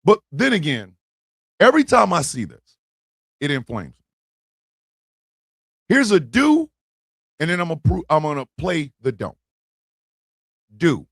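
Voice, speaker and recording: A man hosting a live talk stream, his voice a bit high and gravelly. He swings wildly up and down in pitch, often breaking into shouts and laughter. The sound is dry and close. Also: huge pitch swings, a little slow, long pauses, dry recording. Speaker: streaming show host. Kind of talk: live talk show monologue.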